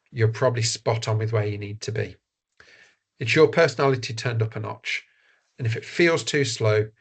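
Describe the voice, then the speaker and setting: A man giving an online masterclass as a voice and media trainer, talking in an earnest, conversational way with frequent ums and restarts. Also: medium pitch. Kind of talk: online presentation-skills masterclass. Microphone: video call.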